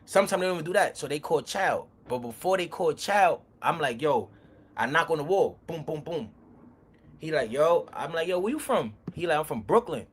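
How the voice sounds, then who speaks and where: Animated New man telling street stories. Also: fairly high pitch, normal speed, husky. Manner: animated, profane, acts out confrontations. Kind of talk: casual street storytelling.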